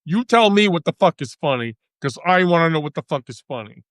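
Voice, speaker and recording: A woman's voice: sits low, lively intonation, a little fast, dry recording, clean studio sound. A woman doing an impression of a hot-tempered, profane male mobster. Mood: menacing. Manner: profane, escalating interrogation.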